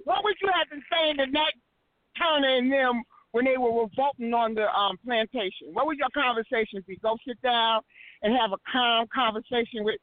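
A woman's voice: a little high, normal speed, dry recording. A woman on a talk radio call, walking while she talks, asking pointed, challenging questions. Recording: dry tinny phone line.

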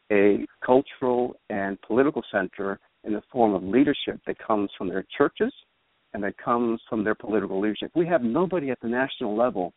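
A man, a political theorist as guest, explaining in a measured way and often checking with "right?". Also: fairly low pitch, dry recording. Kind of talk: explanatory interview talk. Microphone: phone. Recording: tinny dry phone line.

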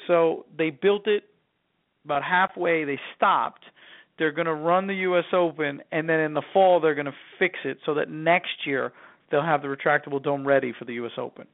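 A man's voice: a little high, moderate pace. A man co-hosting a casual sports talk show, steadily explaining his takes. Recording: tinny phone-like line.

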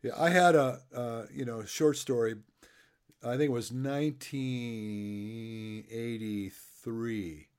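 A man's voice: medium pitch, steady tone, takes it slowly, smooth. A middle-aged man interviewing a guest and coaching, telling loose, joking stories in a casual chat. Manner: chatty storyteller, loose and joking.

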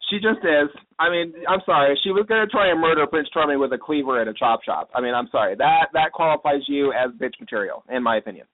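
A man's voice: fairly high pitch, lively intonation, fast, few pauses, slight background noise. A man with a slightly raised voice casually recaps an episode as a podcast host. He rambles and leans on "you know" between thoughts. The sound is thin and phone-like. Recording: tinny phone-like line.

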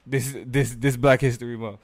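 A man's voice: medium pitch, flat delivery, normal speed, no echo. A man co-hosting a live talk show, talking loosely and animatedly with many fillers. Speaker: podcast co-host. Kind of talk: casual live-show discussion.

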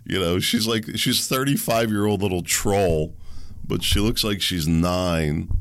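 Gravelly-voiced middle-aged man ranting. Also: sits low, measured pace, fairly bright tone, dry recording, clean studio sound. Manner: rambling, sarcastic ranting with chuckles. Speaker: podcast host. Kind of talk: solo podcast monologue.

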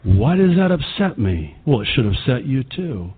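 A Lebanese-born man whose first language is Arabic, preaching a fervent sermon that swings between loud outbursts and quiet asides. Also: mid-range voice, very animated, moderate pace, breathy edge. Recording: tinny phone-like sound with long hall reverb.

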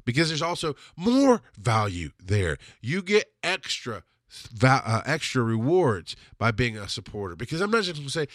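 A man's voice: medium pitch, sing-song, normal speed, fairly bright tone, dry recording, studio quality. A man hosting a solo podcast, talking in a blunt, rambling way and swearing freely. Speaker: podcast host.

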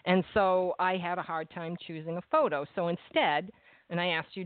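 A woman interviewer speaking in a measured, earnest way as she gives careful praise. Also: on the low side, no room sound. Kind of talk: interview, reading a poem aloud. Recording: tinny phone-like line, dry.

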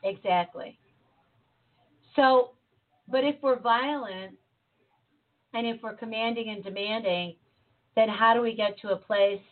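A woman from Chicago talking in an animated, casual way and quick to jump in. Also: medium pitch. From Chicago, USA. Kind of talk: casual conversation. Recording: tinny phone-like line.

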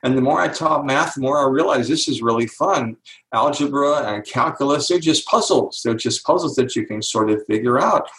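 A man's voice: medium pitch, moderate pace. An older man, a guest author, explaining ideas in an interview and acting out the voices of the people in his stories with emphasis. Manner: emphatic, animated, acts out quoted lines. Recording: echoey room.

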